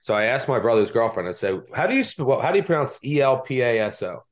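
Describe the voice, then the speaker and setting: A man's voice: medium pitch, big pitch swings, fast talker. A man with a Delco accent hosting a casual sports betting podcast, chatty and self-deprecating. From Delaware County, Pennsylvania. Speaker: podcast host.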